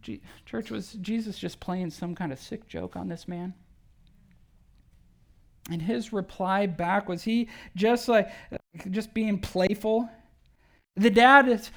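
A pastor preaching a sermon to a church in a conversational, animated way, often asking rhetorical questions. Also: medium pitch. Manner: animated, acts out quoted speech.

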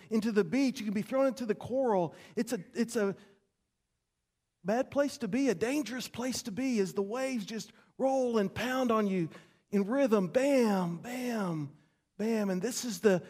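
A man preaching a sermon as pastor, dramatic, repeating words and swinging between loud passages and hushed ones. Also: very high voice.

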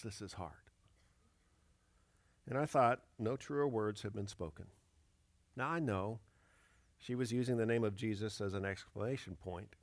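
A man in his fifties preaching a Sunday sermon in an earnest, measured way, rising for emphasis and dropping soft. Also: medium pitch, dry recording. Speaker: pastor.

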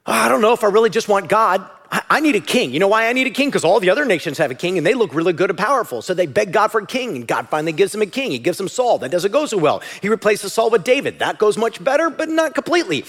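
Guy pastor preaching, high voice, bouncy and animated, gets shouty. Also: fast, few pauses. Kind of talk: sermon.

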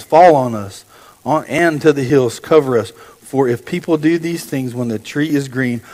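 A man delivers a sermon in an earnest, steady middle voice, stumbling and correcting himself as he reads scripture. The recording carries a long, echoing reverb from a large church room. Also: medium pitch. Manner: earnest, with repeated restarts and self-corrections. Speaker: preacher. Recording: echoey hall with long reverb.

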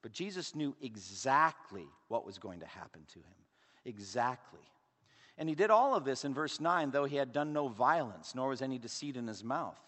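Man preaching, pitched a little high, very expressive, booming then hushed, rhetorical questions, in a large echoing church hall. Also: normal speed. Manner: emphatic, rhetorical questions, swings from loud to hushed. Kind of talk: sermon. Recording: long hall reverb.

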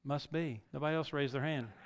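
A man's voice: fairly high pitch, a little fast. A male pastor preaching a sermon, reading scripture dramatically and building to emphatic peaks. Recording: long reverb of a large hall.

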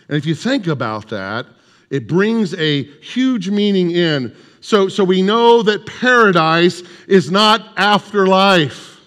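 A man preaching an Easter sermon, telling stories and voicing the people in them, dropping to a hushed voice at the key lines. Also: on the high side. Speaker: chaplain and preacher. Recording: long hall reverb.

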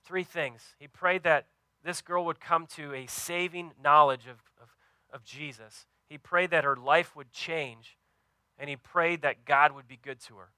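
A preacher with a bright, crisp voice, earnestly telling a story to his congregation and often pausing over fillers. His delivery is sincere and plain, recorded dry and close. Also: fairly high pitch, dry recording. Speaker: pastor. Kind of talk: sermon.

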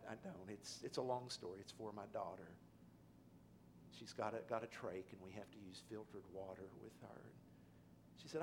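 A middle-aged man preaching a sermon, telling a personal story that drops quiet and low, then rises to loud, emphatic pleading. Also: slight background noise. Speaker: pastor.

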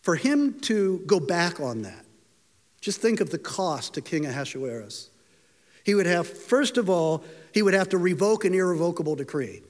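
A man with a high, light voice preaches a sermon, telling the story with feeling and acting out the quoted lines. His voice rings through a hall with a long echo. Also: lively intonation, normal speed.

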